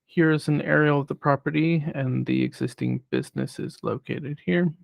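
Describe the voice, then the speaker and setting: Gravelly man reading a staff report. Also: a little high, no echo. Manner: measured, reads prepared remarks. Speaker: city planning staff presenter. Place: city council chamber.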